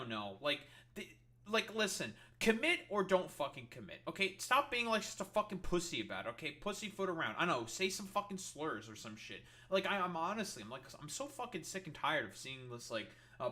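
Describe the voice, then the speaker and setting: A man's voice: fairly high pitch, big pitch swings, moderate pace, sharp tone. A man streamer reacting to a clip, ranting in a heated, sarcastic, profane way. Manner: sarcastic, heated, swears constantly.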